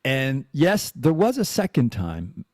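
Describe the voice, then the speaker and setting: A man's voice: mid-range voice, huge pitch swings, slow pace, a little mellow, no room sound, clean studio sound. A man in his forties hosting a podcast, talking in a rambling, candid and self-deprecating way, full of profanity and restarts. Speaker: podcast host. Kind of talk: casual confessional monologue.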